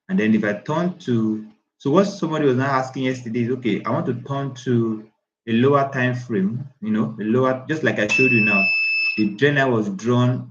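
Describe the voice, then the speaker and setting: A man teaches a trading lesson, walking through a chart and hammering his points with repeated, restarted phrases. His voice is mid-pitched and sits in a roomy, echoing space. The audio is slightly dull and lo-fi. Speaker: trading instructor. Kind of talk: screen-share trading lesson.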